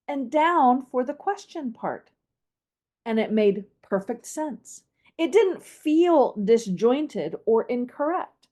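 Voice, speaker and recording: A woman's voice: on the high side, a little mellow. A woman voice coach hosting an instructional podcast, explaining and demonstrating vocal melody with a playful, laughing manner.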